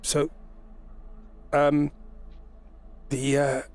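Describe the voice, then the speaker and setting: A man narrating as game master for an online tabletop game, his voice sitting a little high for a man. He pauses often, filling gaps with ums as he builds each scene. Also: completely flat delivery, clean tone. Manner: hesitant, fills with ums while describing scenes. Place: home, remote online session.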